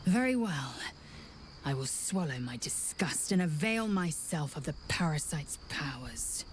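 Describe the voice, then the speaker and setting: A woman's voice: deep voice, big pitch swings, measured pace, slight background noise. An actress voicing a proud, scornful alien warrior woman in a video game, speaking in a stern, clipped way. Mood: grudging.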